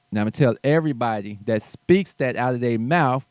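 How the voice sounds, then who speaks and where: A man's voice: medium pitch, expressive, normal speed, hardly any pauses, dry recording. A man hosting his own show, ranting bluntly and profanely in a heated commentary monologue with mocking asides. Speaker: show host.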